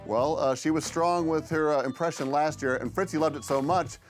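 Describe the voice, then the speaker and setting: A man's voice: on the high side, brisk, faint music behind, rough recording. A man hosting a sports talk show, leading with questions and segues. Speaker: show host.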